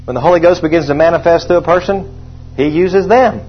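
A man preaching a sermon, emphatic and repetitive, rising to loud proclamations when he reads scripture. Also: fairly high pitch, a little fast, soft background music. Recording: dull lo-fi sound.

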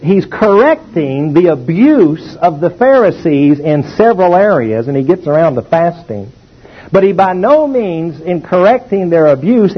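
A man preaching a sermon, emphatic and animated, calling on the congregation to repeat after him. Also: on the high side, breathy edge. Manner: emphatic, animated teaching with call-and-response. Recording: dull lo-fi old recording.

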